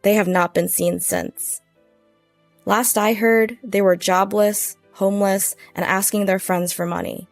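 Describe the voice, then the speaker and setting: Woman, story narrator, steady delivery, dry sound, soft music behind. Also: mid-range voice, a little slow, dry recording. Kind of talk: scripted first-person story narration.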